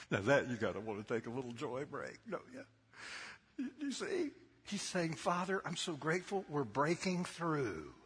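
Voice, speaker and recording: Husky man preaching, lively and slow. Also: a little high. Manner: keeps asking the congregation questions; lively storytelling with laughs. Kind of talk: sermon. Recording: long hall reverb.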